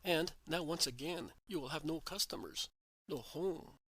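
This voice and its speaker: A man's voice: a little high, measured pace, slightly rough. Sorrowful young mother Mary, read by a man. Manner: soft, sorrowful pleading. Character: Mary, grieving young mother, tender and humble. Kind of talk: devotional story reading.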